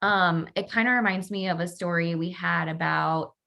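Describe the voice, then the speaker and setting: A woman consultant chatting on a podcast, jokey and expressive, acting out her reactions. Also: fairly low pitch, normal speed, creaky. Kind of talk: casual podcast chat.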